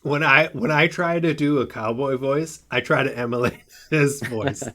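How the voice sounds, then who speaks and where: A man's voice: mid-range voice, normal speed, bright, forceful tone. A man co-hosting a podcast in casual chat, hesitant and full of filler sounds. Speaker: podcast co-host.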